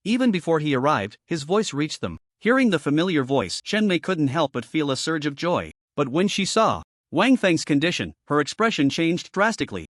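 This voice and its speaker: A man narrating a fantasy story recap in a lively, dramatic scripted reading. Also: fairly high pitch, normal speed, few pauses, dry recording, clean studio sound.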